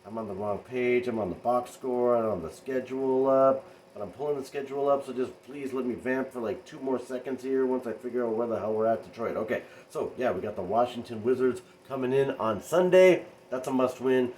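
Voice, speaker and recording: A man at a mid pitch gives an offhand basketball recap to his viewers. He rambles and jumps from point to point with animated asides. A faint hum sits under his voice. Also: fairly quick, rough recording. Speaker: sports fan vlogger.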